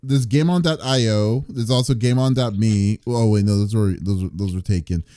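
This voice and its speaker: Male podcast host, lowish voice, dry close sound, loose rambling chat. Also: moderate pace, warm tone, no echo. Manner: rambling, restarts while looking things up. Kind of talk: casual chat.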